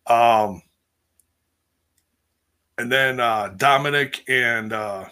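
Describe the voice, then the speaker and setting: A man's voice: medium pitch, extremely slow, pushed and bright, clear, resonant tone. A man hosting a casual live stream, rambling through a recap with lots of fillers and restarts while reading viewer comments. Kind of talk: casual chat.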